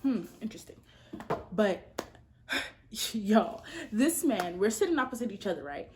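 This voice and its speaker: Animated young woman telling a story, sassy. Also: measured pace, over music. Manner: animated, sassy, swings into high outbursts. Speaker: beauty vlogger. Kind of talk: storytelling while doing makeup. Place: at home, her apartment.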